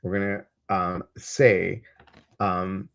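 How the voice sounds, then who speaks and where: A man's voice: low-pitched, little pitch movement, slow, gravelly. A man hosting a livestream as an intuitive coach, chatting casually, greeting viewers and reading their comments. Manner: warm, chatty, addresses viewers directly. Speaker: intuitive coach and stream host.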